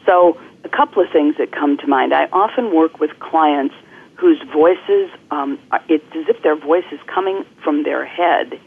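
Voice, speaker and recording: A woman guest coach explaining things clearly and articulately in an interview, speaking over the phone. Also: deep voice, unhurried. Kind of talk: interview on a podcast. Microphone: telephone. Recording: phone-line call-in audio.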